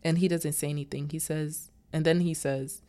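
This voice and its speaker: A woman's voice: low-pitched, normal speed. A woman casually retelling a movie's plot as a recap host, acting out the characters' lines as she goes. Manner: animated retelling with quoted dialogue.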